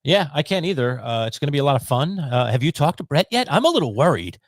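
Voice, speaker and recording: A man's voice: fairly high pitch, very animated, fast, no room sound, clean studio sound. A man co-hosting a live sports talk stream, chatting casually and rambling with lots of fillers. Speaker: sports show co-host.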